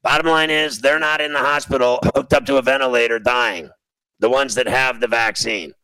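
A man's voice: mid-range voice, fairly even intonation, moderate pace, sharp tone, smooth, no room sound, rough recording. Blunt, ranting man host. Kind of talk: opinionated sports talk monologue.

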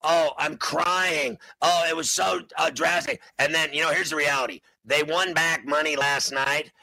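A man co-hosting a sports betting show, loud, crude and mocking, breaking into sudden shouts. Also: a little high, no echo, rough recording. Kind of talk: brash sports betting talk.

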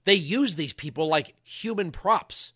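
A male talk show host giving an impassioned political commentary monologue, talking emphatically and rising at times into yelling. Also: fairly high pitch, animated, unhurried, husky.

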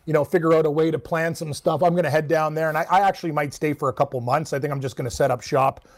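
A man's voice: fairly high pitch, steady tone, fast. A man co-hosting a sports radio show, chatting casually about hockey and laughing often. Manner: chatty, laughs often, does voices of his mom.

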